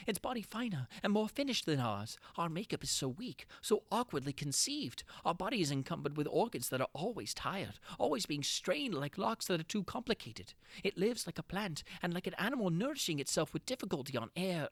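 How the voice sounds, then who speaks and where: A man giving a dramatic reading of a horror tale, theatrical, swinging from frantic cries to hushed brooding. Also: high-pitched, dry recording. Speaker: narrator.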